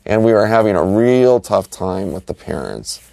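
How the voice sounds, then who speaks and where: A man, an animation director, recalling the work in a relaxed, reflective interview, often saying "you know". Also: on the low side, normal speed, gravelly, dry recording. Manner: relaxed, reflective, filler-heavy. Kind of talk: interview recollection.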